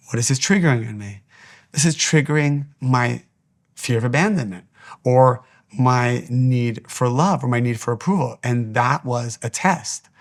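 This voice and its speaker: Male spiritual teacher, mid pitch with gravel in the voice, earnest repetitive exhortation.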